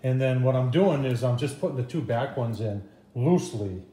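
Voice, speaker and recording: Easygoing male reviewer, casual how-to chat, mid-pitched, roomy echo. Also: lively intonation, normal speed, dark tone. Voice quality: folksy, chatty, lots of "folks" and "I tell you what". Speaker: product reviewer.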